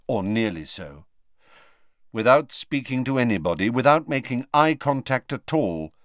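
Here a male audiobook narrator tells a novel's story with measured expression. His pitch is fairly low, and the studio-grade audio has no echo.

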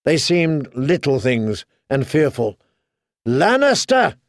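A man narrating an audiobook in steady, dramatic storytelling. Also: a little high, measured pace, no room sound, studio quality. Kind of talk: scripted narration.

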